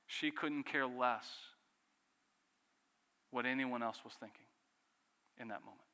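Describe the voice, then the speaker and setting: Pastor guy preaching, bright forceful voice, asks lots of questions, goes soft on key bits, big reverb like a hall. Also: medium pitch, measured pace. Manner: earnest preaching with rhetorical questions and dramatic drops in volume. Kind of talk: sermon.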